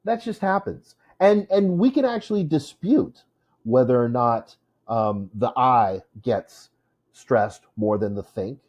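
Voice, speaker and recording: Slow, mellow-voiced male teacher. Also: mid-range voice, expressive, highs cut off. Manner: chatty, self-correcting, many fillers. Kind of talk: informal classroom lesson.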